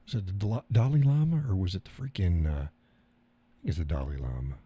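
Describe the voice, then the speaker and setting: Here a middle-aged streamer talks fast in a low, warm voice with a breathy edge and big swings in pitch. Reading his chat's comments, he rambles along, cursing now and then and frequently chuckling.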